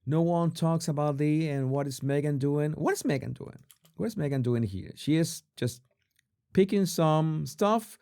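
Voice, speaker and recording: A man commenting casually on a video clip in a halting, sarcastic way, with frequent restarts. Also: on the high side, creaky, warm tone, smooth. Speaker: body language commentator.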